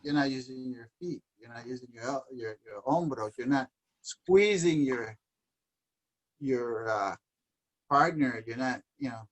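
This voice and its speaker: A man's voice: mid-range voice, measured pace, poor audio. A man in casual conversation on a livestream, talking thoughtfully about music and dance and sometimes dropping in Spanish words. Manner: reflective, sprinkles in Spanish words. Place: home livestream.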